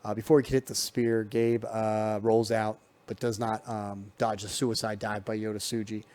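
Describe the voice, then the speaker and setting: A man's voice: lowish voice, little pitch movement, normal speed, a little mellow. Casual man recapping wrestling matches. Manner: loose, filler-heavy recap with frequent ums and restarts. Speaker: wrestling show reviewer.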